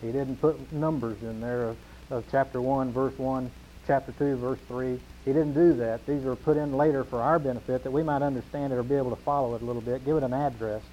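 A man's voice: medium pitch, steady tone, a little fast, dark tone, slight background noise, low-quality recording. A man preaching a sermon as pastor, with an emphatic, repetitive preaching cadence.

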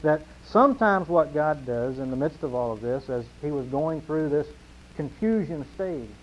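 Fairly high-voiced preaching man, lo-fi. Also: lively intonation, normal speed, a little hiss or hum. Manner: emphatic, repetitive preaching cadence. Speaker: pastor. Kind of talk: sermon.

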